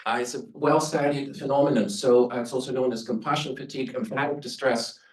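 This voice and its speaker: A man's voice: mid-range voice, fairly even intonation, a little fast, a little mellow. A man born in the Soviet Union giving an earnest conference presentation on interpreting, advising listeners as an instructor. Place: conference room. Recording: roomy sound from a distant mic.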